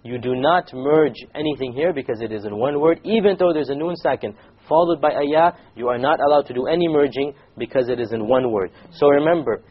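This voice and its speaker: A man teaching a recitation class, patiently repeating points, quizzing the students and slowly demonstrating words. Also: medium pitch, husky, highs cut off.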